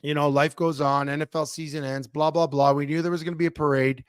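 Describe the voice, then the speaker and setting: A middle-aged man co-hosting a podcast, telling a long story in a rambling, animated way with many restarts. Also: fairly high pitch, quick pace, smooth, no echo, clean studio sound. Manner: animated, rambling, self-interrupting. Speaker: podcast co-host. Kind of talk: casual storytelling chat.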